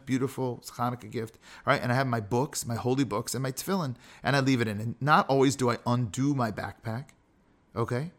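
A male podcast host with a mid-range, fairly bright voice teaches character ethics in a casual way. He fills his talk with self-deprecating asides and rhetorical questions.

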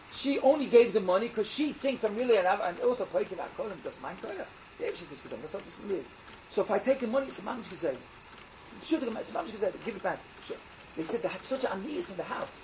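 Male Torah teacher, high and animated, dull lo-fi sound: storyteller who acts out his quotes. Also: slight background noise. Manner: lively, acts out quoted speakers, laughs while telling. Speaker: Torah teacher telling rebbe stories. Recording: dull lo-fi recording.

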